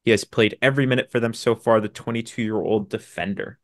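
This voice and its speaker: A man with a lowish voice co-hosts a casual sports podcast, laying out fixtures and player numbers at a brisk clip. His jokes come out dry and sarcastic. The sound is close and dry, with no room around it. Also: no room sound. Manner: brisk, stat-heavy, with dry sarcastic asides. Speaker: podcast co-host.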